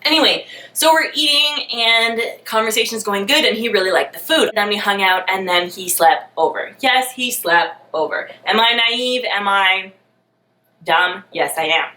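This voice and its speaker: Bright-voiced woman telling a story. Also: medium pitch, normal speed. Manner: animated, sarcastic, self-mocking. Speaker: vlogger. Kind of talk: storytime vlog. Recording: roomy, mic at a distance.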